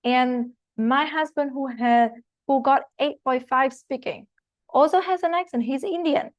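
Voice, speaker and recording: Woman exam tutor, non-native accent, higher voice, dry close mic, chatty explaining style. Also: unhurried, dry recording, muffled recording. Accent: non-native English. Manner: explanatory, frequent "okay?" check-ins and fillers. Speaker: IELTS teacher. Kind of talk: online masterclass lecture. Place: recorded online class.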